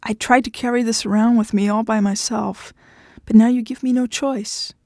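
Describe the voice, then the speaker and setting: A man's voice: sits high, fairly even intonation, moderate pace, creaky, darkish tone, dry recording, clean studio sound. A woman voicing a desperate, tearful man whose voice cracks as he pleads, read in an audiobook. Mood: anguished.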